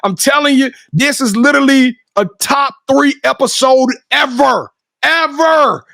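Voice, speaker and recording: A man with a Southern American accent co-hosting a sports talk show, effusive and hyped, shouting catchphrases. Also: extremely high pitch, a little slow, vocal fry, no room sound. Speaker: podcast co-host. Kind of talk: enthusiastic show wrap-up and outro.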